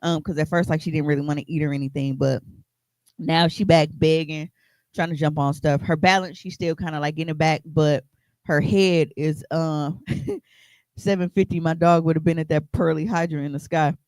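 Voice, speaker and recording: A man with a slightly high voice chats casually on a podcast, rambling through a story with fillers and cursing. His voice sits close and dry, with no room sound around it. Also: fairly even intonation, normal speed, darkish tone, no echo. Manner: loose, profane storytelling with many fillers. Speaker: podcast co-host.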